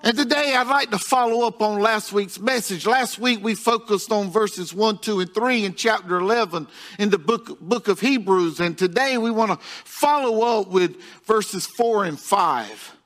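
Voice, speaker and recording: A man's voice: high voice, a little slow, fairly bright tone. A male pastor preaching a sermon in a folksy, repetitive way, chuckling at his own jokes.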